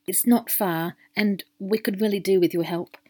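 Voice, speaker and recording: A woman's voice: mid-range voice, steady tone, moderate pace, darkish tone, dry recording, close to an everyday voice. A woman voicing a nervous, apologetic tall male official who speaks hesitantly and pleads. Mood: pleading.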